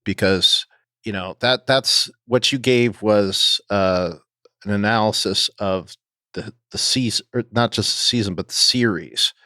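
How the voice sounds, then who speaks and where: A man co-hosting a podcast, talking casually and haltingly with many ums and restarts. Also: on the low side, pushed and bright, no room sound, studio quality. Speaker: podcast co-host.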